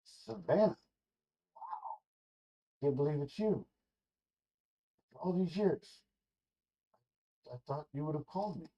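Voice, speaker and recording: A man voicing a wistful grown man meeting his lost love, speaking softly, in a dull lo-fi recording. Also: fairly high pitch, lively intonation, slow, long pauses, exaggerated voice.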